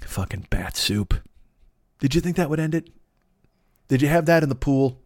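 A man's voice: on the high side, expressive, moderate pace, a little mellow, no room sound, clean studio sound. A man delivering a crude, rambling comedic monologue as a podcast host, swearing constantly and slipping into songs and voices. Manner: profane, rambling, bursts into singing and put-on voices.

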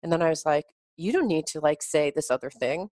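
A woman hosting a casual conversation, telling a personal story in a lively way and murmuring agreement often. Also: deep voice, a little fast, no echo.

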